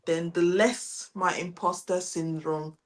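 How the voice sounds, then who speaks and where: A middle-aged woman, an international teacher, giving calm, reflective advice as a guest in a podcast interview. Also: lowish voice, slow pace. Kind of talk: casual interview chat.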